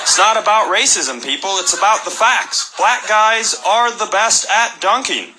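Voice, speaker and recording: A male stand-up comedian with a measured, mock-serious delivery, performing live. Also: high voice, animated, heavy background noise. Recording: live club with loud audience laughter.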